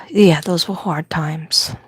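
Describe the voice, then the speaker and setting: A woman's voice: low-pitched, a bit bright, husky. An older woman with a New York accent, chatting casually and telling rambling stories on a livestream. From Staten Island, New York. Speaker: livestream host. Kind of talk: casual chat.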